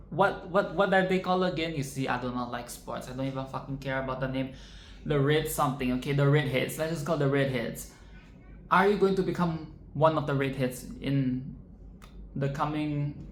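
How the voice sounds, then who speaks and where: Rambling profane film reviewer, roomy echo. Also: medium pitch. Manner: rambling, playful and profane, with sarcastic asides. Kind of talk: casual film reaction commentary. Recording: roomy echo with faint background noise.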